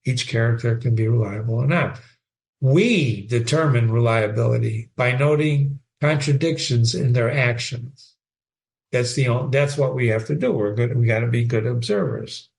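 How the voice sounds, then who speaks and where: A man's voice: mid-range voice, normal speed, creaky. A man giving an informal literature lecture as a teacher, emphatic and chatty, repeating phrases for stress.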